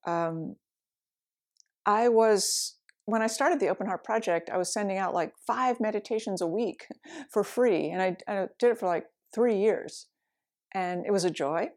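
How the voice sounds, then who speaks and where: A woman's voice: medium pitch, unhurried, a little mellow. A middle-aged woman, a meditation teacher, telling a personal story in a candid, reflective way, laughing now and then. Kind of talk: storytelling talk.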